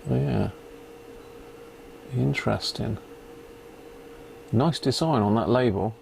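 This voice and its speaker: A man's voice: mid-range voice, takes it slowly, vocal fry, a little mellow, slight background noise. A British man hosting a casual live stream, chatty and jokey, often reading labels aloud as he goes. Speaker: radio repair live-stream host.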